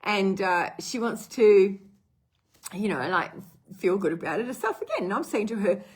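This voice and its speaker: A woman's voice: medium pitch, big pitch swings, moderate pace, long pauses, slight background noise. A middle-aged woman with a cough, rambling casually with lots of fillers as she tells a story to camera. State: has a cough. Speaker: brand partner telling a customer story.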